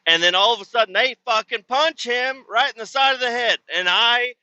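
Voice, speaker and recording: Bright-voiced man telling a crude story. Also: very high-pitched, moderate pace, highs cut off. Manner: crude, rambling storyteller with swearing. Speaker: podcast host. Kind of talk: casual storytelling.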